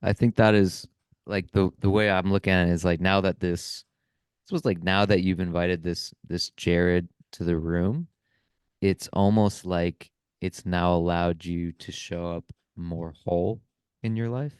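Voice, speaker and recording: Brief: male podcast host, very low, smooth voice, dry close sound, earnest and reflective. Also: steady tone, a little slow, darkish tone, dry recording. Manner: earnest, often ends thoughts with "right?". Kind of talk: reflective casual conversation.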